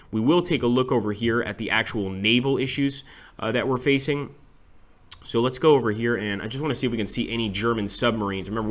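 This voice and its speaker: Relaxed man narrating a strategy game. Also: fairly low pitch. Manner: thinking aloud, relaxed, frequent fillers. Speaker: strategy game let's-play host. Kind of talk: casual gameplay commentary. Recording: clear background noise and clicks.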